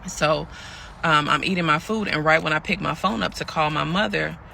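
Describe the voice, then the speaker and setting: A man's voice: a little high, normal speed, vocal fry, pushed and bright, slight background noise, full character voice. A man telling a pregnant young woman's story in her voice, chatty and calling listeners y'all as he acts out the quoted lines. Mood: weary, aggrieved. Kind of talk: storytelling monologue.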